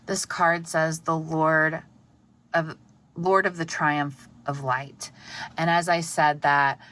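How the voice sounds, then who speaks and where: Bright, earnest woman reading tarot. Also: deep voice, flat delivery. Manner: earnest, soft-spoken, halting with fillers. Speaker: tarot reader. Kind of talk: intuitive tarot reading to camera.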